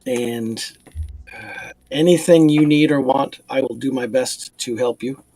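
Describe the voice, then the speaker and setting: A man voicing a stern but caring noblewoman who leads a knighthood, speaking in an earnest, measured and formal way. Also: medium pitch, warm tone.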